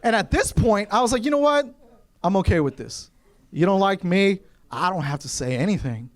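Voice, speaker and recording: On a club stage in front of a live audience, a young comedian from Kentucky talks fairly quickly in a high-pitched voice. He animates his stories by impersonating the people who appear in them.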